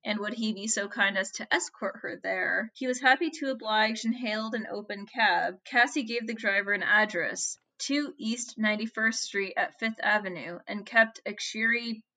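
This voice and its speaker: Woman, podcast co-host, bright crisp voice, chatty storytelling, laughs often. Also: mid-range voice, normal speed, few pauses.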